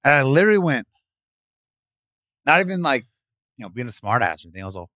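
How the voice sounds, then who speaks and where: A man's voice: sits high, fairly quick, long pauses, dry recording. A middle-aged man, a guest in a podcast studio, telling stories in a casual interview and acting out the voices in them. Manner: animated, acts out voices in stories.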